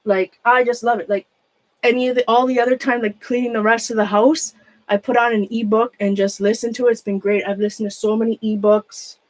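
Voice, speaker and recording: A woman's voice: on the high side, fairly even intonation, fairly quick. A woman chatting casually to her live-stream viewers. She rambles, often trails off and restarts mid-sentence, and laughs at herself a lot. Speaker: craft room vlogger.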